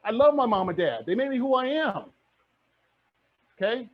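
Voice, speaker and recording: Fired-up preacher-like man, husky voice. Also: very high-pitched, big pitch swings, normal speed. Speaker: real estate investor and mentor. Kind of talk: motivational presentation. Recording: muffled lo-fi audio.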